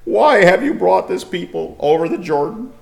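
A man's voice: big pitch swings, moderate pace, gravelly, heavily acted. A man doing a wailing, despairing ancient leader. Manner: whiny, high, melodramatic lament.

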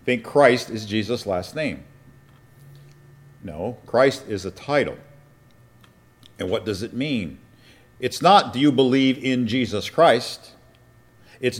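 A man preaching a sermon and teaching from Scripture, asking his congregation questions and reading passages aloud. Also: fairly low pitch. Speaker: pastor. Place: church or meeting room with an audience.

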